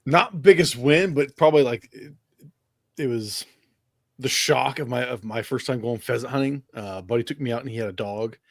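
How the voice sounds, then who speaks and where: A man in his forties chats casually on a hunting podcast. He tells his stories with animated energy and plenty of profanity. The sound is dry and close to the mic. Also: mid-range voice, normal speed, no room sound. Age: 40s. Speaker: guest.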